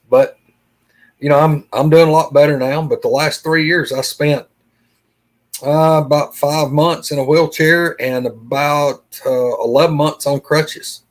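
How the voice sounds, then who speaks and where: A man's voice: fairly high pitch, low-quality recording. Earnest man telling his story. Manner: earnest, plain-spoken, retells dialogue with "I said". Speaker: podcast guest. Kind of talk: personal story told in conversation.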